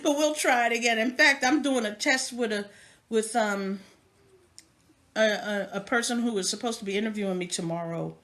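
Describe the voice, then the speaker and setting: A woman from New York City talks casually to her live-stream viewers from a room in her home. Her voice sits a little high, and she laughs often. She is picked up by a tablet microphone. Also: normal speed, fairly bright tone. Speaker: host of a live video stream.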